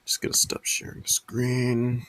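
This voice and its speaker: A man hosting a casual podcast, reading a fanfic aloud and chatting, halting with ums and self-corrections. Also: medium pitch, monotone, a bit bright.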